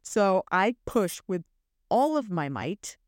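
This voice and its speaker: A woman's voice: mid-range voice, big pitch swings, takes it slowly, no room sound, clean studio sound. A young woman telling a story in a casual, candid way, chatty, full of ums and likes. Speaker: podcast host.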